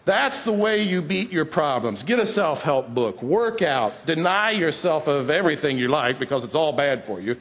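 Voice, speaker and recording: A man's voice: on the high side, lively intonation, normal speed, hardly any pauses, a bit bright. A man preaching a sermon in a conversational, folksy, wry way. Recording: dull lo-fi sound.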